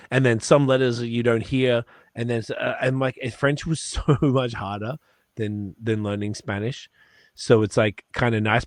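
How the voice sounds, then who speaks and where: Clean studio audio with no room sound captures a man co-hosting a podcast, rambling through casual chat and cursing without restraint. He has a mid-range voice.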